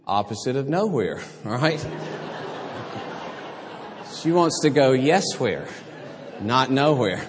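A man's voice: medium pitch, lively intonation, slow, long pauses, a crowd in the background, background noise. An older man preaching a sermon, telling stories and acting out voices with a laugh. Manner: storytelling, acts out voices and laughs. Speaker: pastor. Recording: long hall reverb.

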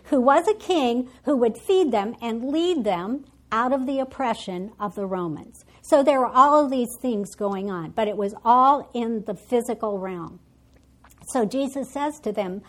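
A woman leads a Bible study lesson in a voice a little higher than most. She works through scripture by thinking aloud, correcting herself mid-sentence and often starting phrases over. She quotes passages in a steady teaching tone. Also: unhurried. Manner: thinks aloud with frequent restarts and self-corrections.

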